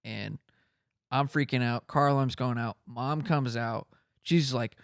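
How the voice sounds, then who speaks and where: A man's voice: measured pace, clear, resonant tone, dry recording, clean studio sound. Young man telling stories on a podcast. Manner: storytelling with high-pitched impressions of others. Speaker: podcast co-host. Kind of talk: casual chat.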